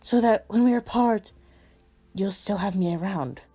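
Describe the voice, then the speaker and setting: A woman voicing a gentle male demon who tenderly says goodbye to his lover, speaking softly and sometimes whispering. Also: medium pitch, moderate pace, husky, faint music behind, voice pushed up, close to an everyday voice.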